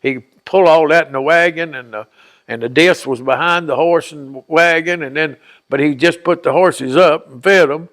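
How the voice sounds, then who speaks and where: A man's voice: fairly high pitch, moderate pace, a bit bright. An older man being interviewed, telling a childhood story in a folksy, rambling way and acting out the voices of the people in it. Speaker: oral history interviewee.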